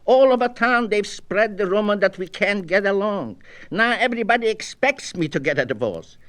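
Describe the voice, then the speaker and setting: A man's voice: sits high, animated, normal speed, a bit bright, voice pushed up. A man voicing a fretful married man who pleads and protests as he asks for advice, in a storybook reading. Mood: agitated. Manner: agitated, pleading and indignant.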